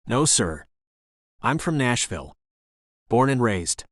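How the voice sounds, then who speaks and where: A man's voice: medium pitch, big pitch swings, slow, no room sound, clean studio sound. A man voicing a chirpy young Southern woman singer with a thick Southern US accent and a folksy twang. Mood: chatty.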